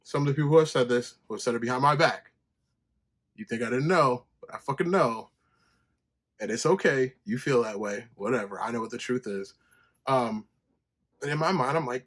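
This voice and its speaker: A man hosting his own podcast, telling a story in a loose, profane monologue and jumping high when he quotes himself. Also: expressive, fairly quick, a bit bright. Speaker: podcast host. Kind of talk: casual solo podcast monologue.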